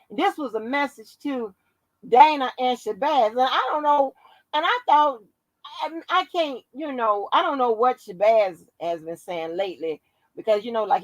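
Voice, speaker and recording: A woman giving casual commentary on her vlog, animated and profane, often breaking into laughter. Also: on the high side, moderate pace, dry recording, poor audio. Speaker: YouTube commentator.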